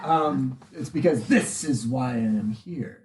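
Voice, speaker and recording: A man's voice: mid-range voice, takes it slowly, darkish tone, echoey room, slight background noise, poor audio. A man playing a tabletop role-playing game, chatting casually and slipping into speeches for his character. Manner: playful, slips into character speeches. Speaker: player.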